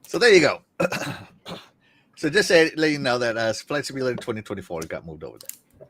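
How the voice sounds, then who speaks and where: A man hosting a casual gaming talk show, excitable and jokey, often trailing off quietly at the ends of sentences. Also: medium pitch, fairly quick. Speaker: podcast host.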